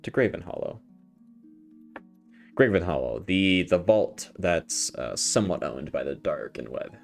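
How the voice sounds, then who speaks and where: A man's voice: low voice, expressive, measured pace, gravelly, faint music behind. A man narrating as game master for a tabletop game, casual, with restarts and swearing.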